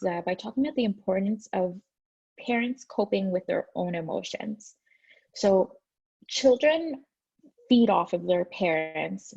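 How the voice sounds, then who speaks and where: A woman's voice: on the low side, a little mellow, dull audio. A woman therapist giving an informal, earnest talk with many fillers and restarts.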